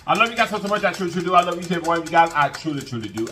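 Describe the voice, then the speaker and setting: A man hosting an eating show, speaking to his viewers in a bright, fairly high voice that swings up and down as he talks. He comes across earnest and a little preachy, repeats his phrases for emphasis, and keeps calling his audience y'all. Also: big pitch swings, rapid-fire, slight background noise. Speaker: mukbang eating-show host. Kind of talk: casual heartfelt talk to camera.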